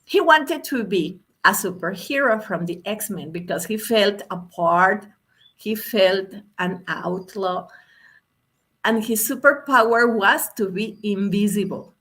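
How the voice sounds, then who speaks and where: A woman's voice: mid-range voice, slow pace, fairly bright tone. A woman from Mexico giving a motivational talk as a guest speaker. She tells a story with emphasis, repeating words and asking the audience questions. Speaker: guest speaker, English language specialist.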